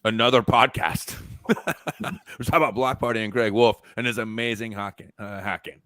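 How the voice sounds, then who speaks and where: A man co-hosting a fan podcast, chatting casually and joking loudly with plenty of hype. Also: fairly low pitch, fairly even intonation, a little fast, no room sound. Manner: loud, joking, hype-driven. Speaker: podcast co-host.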